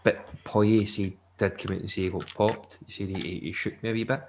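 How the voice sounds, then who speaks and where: Male podcast co-host, low voice, loose jokey chat, light background noise. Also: fairly even intonation, a little fast, vocal fry. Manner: rambling and jokey, laughs often. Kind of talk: casual chat.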